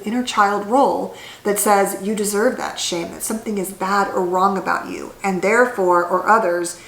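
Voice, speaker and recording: A woman psychologist talking to camera in a casual, conversational way about healing, with many fillers and restarts. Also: mid-range voice. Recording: echoey room.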